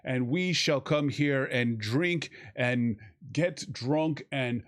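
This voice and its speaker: A man voicing a pompous, solemn male hero from a space epic, with grandiose, archaic, drawn-out speech. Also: mid-range voice, voice pushed down, natural voice. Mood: mock-solemn.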